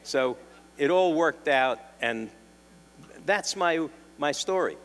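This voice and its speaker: An older man with a New York accent, a defense attorney telling wry anecdotes to a symposium audience, clearing his throat now and then. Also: fairly high pitch, lively intonation, slow, fairly bright tone. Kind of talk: storytelling talk. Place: lecture hall. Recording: long hall reverb.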